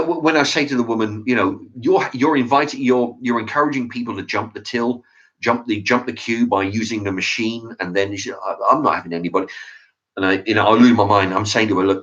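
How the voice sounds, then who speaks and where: On a dull, lo-fi recording, a channel host with a lowish, fairly bright voice rants about an argument in a shop. He swears and acts out both sides of the exchange.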